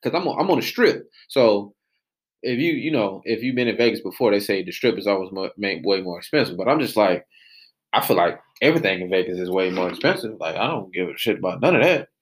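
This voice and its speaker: A man's voice: fairly low pitch, lively intonation, fast. A man, telling a profane story as a podcast host and losing his train of thought. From Atlanta, US South. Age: late 20s. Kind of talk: casual storytelling rant.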